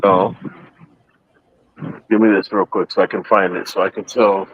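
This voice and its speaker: A man's voice: sits low, little pitch movement, moderate pace, breathy edge, no echo, lo-fi sound. A man chatting casually as a podcast guest, rambling and repeating himself, with easy laughter as he talks. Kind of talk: casual chat.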